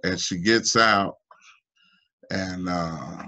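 Slow, low-voiced man on a dull call. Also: sharp tone. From United States. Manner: halting, full of restarts and fillers. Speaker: union member asking a guest. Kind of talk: emotional personal testimony in an online town hall.

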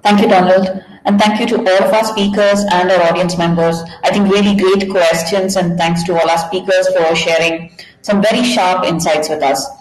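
A woman's voice: fairly low pitch, fairly even intonation, normal speed, echoey room, low-quality recording. A woman hosting an online event, giving polite closing remarks with fillers. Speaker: host.

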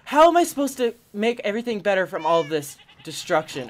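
A gaming channel host giving casual let's-play commentary, theatrical and expressive, talking straight to the viewers. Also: medium pitch, moderate pace, hardly any pauses.

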